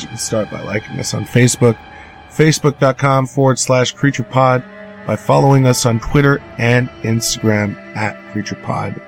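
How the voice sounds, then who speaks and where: A man hosting a horror podcast, talking casually with lots of fillers, restarts and swearing. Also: mid-range voice. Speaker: podcast host.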